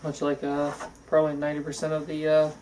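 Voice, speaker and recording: Casting: second co-host, casual chat, mostly short replies and quick questions. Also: medium pitch, monotone, mellow, distant mic, slight background noise, poor audio. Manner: brief interjections and short questions. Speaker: podcast co-host.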